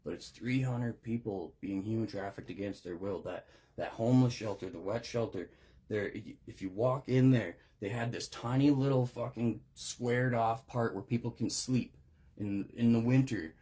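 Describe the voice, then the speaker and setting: Male recovery host, low and husky, raw swearing monologue, fighting back tears. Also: normal speed, dark tone. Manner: profane, raw, rambling with restarts. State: emotional, on the verge of tears. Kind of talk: unscripted monologue.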